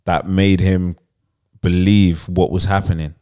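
A man with a low, smooth, resonant voice. He co-hosts a casual podcast chat, rambling through a story with plenty of "um"s and little laughs. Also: level tone, unhurried, darkish tone. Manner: rambling, many fillers, laughs while telling. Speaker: podcast co-host. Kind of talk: casual chat, retelling a show's plot.

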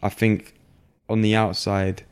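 A young man with a very low, gravelly voice speaks in a flat, even tone. He tells his story candidly, often stopping, restarting and leaning on fillers. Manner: halting, filler-heavy, frequent restarts. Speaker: guest.

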